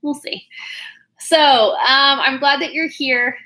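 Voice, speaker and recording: A woman's voice: sits high, fairly even intonation, takes it slowly, pushed and bright, rough recording. A woman from Oklahoma with a Southern accent, a business coach chatting casually and bubbly on a livestream, rambling with fillers. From Oklahoma, USA. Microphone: no external mic plugged in.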